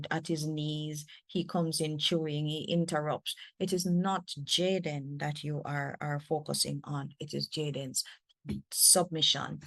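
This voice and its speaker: A woman faculty developer with a Jamaican accent, giving a lively training talk to teachers with emphatic, repeated phrases. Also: low-pitched, dry recording. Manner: animated, emphatic, repeats words.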